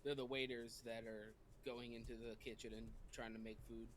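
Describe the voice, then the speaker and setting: A man's voice: mid-range voice, level tone, moderate pace, crowd noise. A man chatting casually with a friend on a call, joking and swearing freely. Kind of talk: casual banter.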